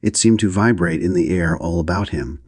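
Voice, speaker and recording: A man reading a classic novel aloud as an audiobook narrator, in a steady, even manner. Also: low-pitched, normal speed, husky, dry recording, clean studio sound.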